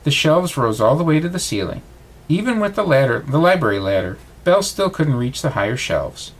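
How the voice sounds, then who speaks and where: A man reading a bedtime storybook aloud, with expressive reading. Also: a little high, brisk, slightly rough.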